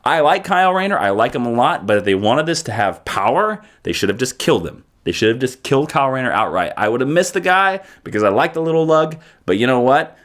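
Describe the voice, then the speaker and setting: Animated, joking male comic reviewer. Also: mid-range voice. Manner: animated, joking, quick asides. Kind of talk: casual review vlog.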